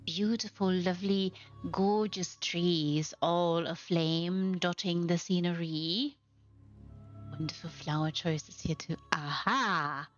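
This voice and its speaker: A woman's voice: fairly low pitch, steady tone, takes it slowly. A woman hosting a game housing showcase, talking over a gameplay tour in a gushing, affectionate, admiring way. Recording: slightly muffled, faint music behind.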